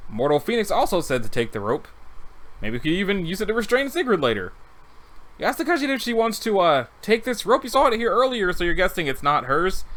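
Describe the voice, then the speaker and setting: A man reading a text game and viewer comments aloud, breaking off for wry asides. His voice sits high for a man and swings widely in pitch. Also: sing-song, brisk, a bit bright. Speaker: let's read narrator.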